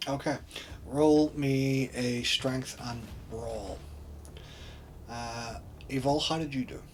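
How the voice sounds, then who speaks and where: A man acting as storyteller, narrating a tabletop role-playing game with steady, descriptive scene-setting. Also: medium pitch, slow, a little hiss or hum.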